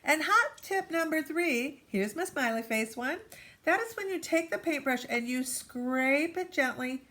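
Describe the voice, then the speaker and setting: A woman art teacher talks to young students in a playful, lively classroom manner. Her voice sits a little high for a woman. It is recorded on a tablet or phone camera in a school art room. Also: measured pace. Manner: playful, animated teacherly delivery. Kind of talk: children's art lesson.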